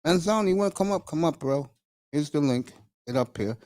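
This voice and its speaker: Fairly quick and animated, this slightly high, slightly mellow male voice belongs to a middle-aged morning show host. On his casual live stream he trades slangy banter with listeners and laughs a lot.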